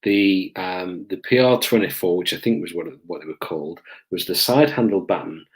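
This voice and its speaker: A man's voice: low-pitched, moderate pace. A middle-aged man, casually recounting police stories to camera with frequent ums. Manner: relaxed, hesitant with frequent ums, acts out voices in stories. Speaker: police officer recounting his career.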